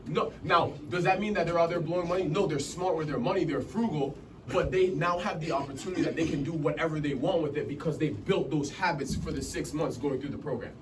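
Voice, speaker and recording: A man in his twenties from Massachusetts, with a slightly high voice and quick pace, gives a motivational talk at a business meeting. He chats casually and keeps checking that the room is following him. The mic is distant, with faint room ambience and noise in the background.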